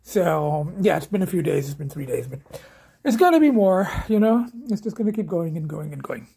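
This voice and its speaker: A man talking casually to camera in a vlog, halting and trailing off, often dropping to a near whisper. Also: fairly high pitch, expressive, creaky, dark tone, husky. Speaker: vlogger.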